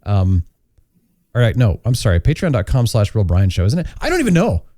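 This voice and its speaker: Lively-pitched man hosting a casual podcast. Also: a little fast, dry recording, clean studio sound. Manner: rambling, animated, self-correcting. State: recovering from covid. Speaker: podcast host. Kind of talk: casual chat.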